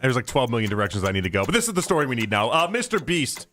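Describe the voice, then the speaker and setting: A man's voice: mid-range voice, big pitch swings, very fast, a bit bright, faint music behind. A man hosting a sports talk radio show, opinionated and outspoken in casual banter.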